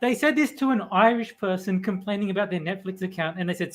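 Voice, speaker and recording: A man's voice: sits high, quick pace, a bit bright. A man hosting a casual podcast chat, telling rambling anecdotes full of ums and restarts.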